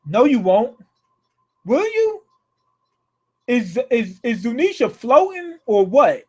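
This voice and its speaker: A man hosting a live manga reaction, reading panels aloud with restarts and cursing excitedly at what happens. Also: extremely high pitch, unhurried, husky. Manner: profane, excitable, rereads lines aloud with many restarts.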